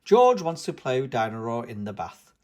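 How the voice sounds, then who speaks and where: Animated man reading a kids' book. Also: mid-range voice, normal speed. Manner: animated storybook narration. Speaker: channel host reading aloud. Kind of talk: children's read-aloud narration.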